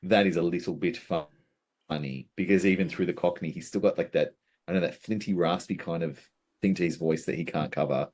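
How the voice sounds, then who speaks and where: A man co-hosting a casual film podcast, blunt and animated, swearing freely. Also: low voice, fairly quick. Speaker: podcast co-host.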